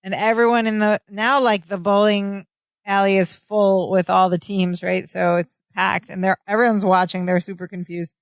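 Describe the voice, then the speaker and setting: A woman's voice: mid-range voice, steady tone, moderate pace, no echo, studio quality. A woman co-hosting a podcast, casually retelling sitcom scenes and quoting the characters. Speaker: podcast co-host. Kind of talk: casual chat recapping a sitcom episode.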